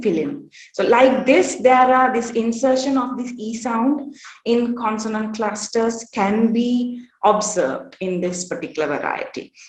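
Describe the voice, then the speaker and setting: A woman giving an academic workshop presentation at a conference. She speaks in a measured way, often pausing on "uh" and "um". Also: a little high, darkish tone. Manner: measured, with frequent "uh" pauses. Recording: roomy echo.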